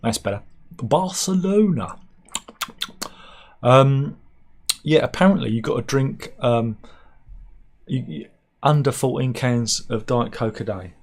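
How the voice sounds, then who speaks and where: A man's voice: medium pitch, measured pace. A man giving rambling, sarcastic comic commentary on news stories, with mock-serious asides. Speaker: satirical news vlogger.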